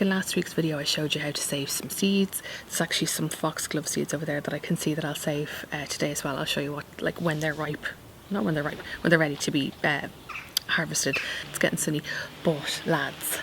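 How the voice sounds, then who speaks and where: A woman chats to camera in a rambling way as she works in her back garden, with many fillers. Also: deep voice. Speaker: gardening vlogger. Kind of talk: casual chat to camera. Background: faint outdoor noise.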